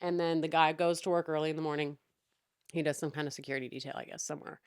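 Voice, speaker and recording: A woman's voice: low voice, fairly even intonation, fast, clear, resonant tone, no echo, studio quality. Exasperated, foul-mouthed woman ranting. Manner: exasperated, profane, sarcastic. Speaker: podcast host. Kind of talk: casual storytelling rant.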